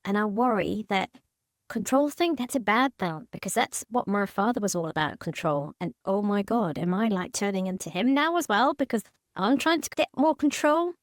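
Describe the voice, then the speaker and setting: Woman, hesitant, halting, restarts often, counselling session, dry close mic. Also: mid-range voice, lively intonation, dry recording. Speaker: mother seeking counselling. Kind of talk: emotional counselling conversation.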